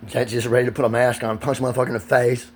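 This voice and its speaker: A man's voice: mid-range voice, level tone, fast talker, soft background music. A man, ranting in a profane, agitated and rambling vlog monologue recorded outdoors. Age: 40s.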